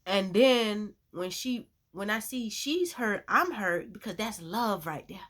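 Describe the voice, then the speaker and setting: A Christian vlogger shares her personal faith testimony in a chatty, animated storytelling style, saying "you know" a lot. Her voice sits at a medium pitch and she speaks slowly.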